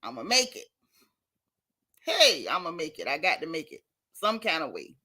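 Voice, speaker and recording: A woman's voice: low voice, big pitch swings, moderate pace, bright, forceful tone, breathy edge. A woman hosting a gossip show as a casual livestream, dramatic and theatrical, talking straight to her chat viewers. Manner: talks directly to chat viewers.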